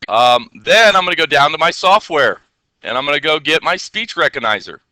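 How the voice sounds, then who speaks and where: A male teacher giving a classroom coding lesson, energetic and constantly checking in with rhetorical questions. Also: fairly high pitch, brisk, poor audio.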